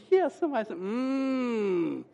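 A man's voice: very high-pitched, lively intonation, normal speed. A man pastor preaching a sermon in a church, folksy and playful with sudden emphatic bursts. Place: church sanctuary. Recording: long hall reverb.

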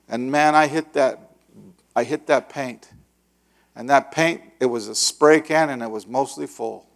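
A middle-aged male pastor telling a long story in a sermon, acting out the voices and shouting the dramatic parts. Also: mid-range voice, normal speed. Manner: animated, acts out voices with loud shouts.

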